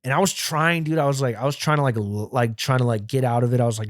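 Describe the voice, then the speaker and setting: A young man hosting a podcast, casually telling a story in a profane, animated way. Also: medium pitch, fast, few pauses, dry recording, studio quality. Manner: profane, animated, acts out quoted voices. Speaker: podcast host.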